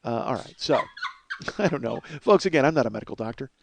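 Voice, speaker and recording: A man in his forties with a hoarse voice, hosting a comedic solo podcast in a rambling, profane, self-mocking way, in his home kitchen. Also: mid-range voice, animated, quick pace, background noise. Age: 40s. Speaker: podcast host.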